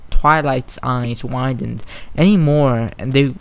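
A man's voice: mid-range voice, slow, gravelly, a bit bright, rough recording. Brief: amateur male story reader, plain, slight stumbles. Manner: plain narration with small stumbles. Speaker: narrator.

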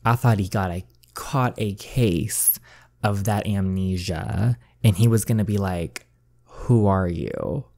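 A man chats casually as he plays through a story game, gushing and reacting as he goes. His voice is mellow and dark, with an easy, talkative manner. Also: fairly low pitch, measured pace. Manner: chatty, gushing, uses "like" a lot. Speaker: gaming channel host. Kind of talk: casual let's-play commentary.

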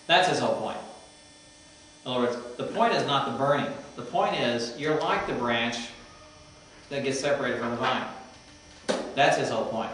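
A male professor talks through Greek grammar in a relaxed, explanatory classroom manner. He is heard from a distance in a very echoey room, with a faint hum underneath. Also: mid-range voice, moderate pace, long pauses. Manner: explanatory, parses Greek forms aloud, conversational asides. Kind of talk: classroom lecture.

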